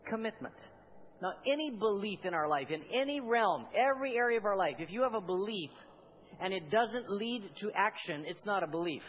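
A man's voice: high voice, lo-fi sound, a little hiss or hum. A man preaching a sermon to his congregation as their pastor, calling on them to repeat after him and building to emphatic, repeated phrases. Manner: building to fervent, emphatic repetition; calls on the congregation to respond.

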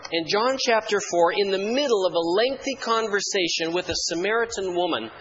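A man's voice: sits high, a little fast, a bit bright, muffled recording. A man preaching a sermon, telling humorous church stories with dry wit before turning to scripture. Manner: dry storytelling humor, mock-solemn archaic hymn recitation. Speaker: pastor.

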